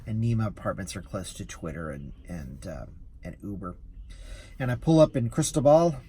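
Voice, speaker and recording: A man's voice: on the low side, lively intonation, normal speed, mellow, husky. A man who drives for rideshare, telling a story in a casual vlog, easily amused and rambling with restarts.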